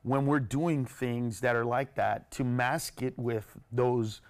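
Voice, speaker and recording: A man who is a stand-up comedian, chatting as a guest on a TV talk show, animated and laughing often. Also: medium pitch, slow. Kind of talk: casual TV chat. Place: TV studio.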